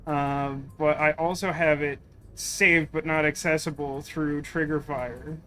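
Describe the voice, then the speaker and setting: A man's voice: fairly high pitch, steady tone, measured pace, sharp tone, slight background noise. A man streaming a video game, talking in a wry, rambling, sarcastic way in casual let's-play commentary.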